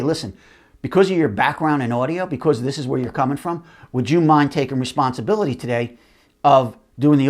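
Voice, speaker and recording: Casting: middle-aged man, host, casual anecdotal delivery, mid-range voice, lively impressions. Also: medium pitch. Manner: animated, acts out other people's voices. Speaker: host, company CEO. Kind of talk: casual storytelling monologue.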